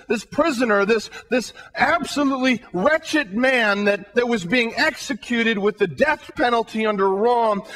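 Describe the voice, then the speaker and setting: A man's voice: very high voice, fairly bright tone. A man preaching a sermon in an earnest way, asking the listeners questions and often repeating words as he builds a thought.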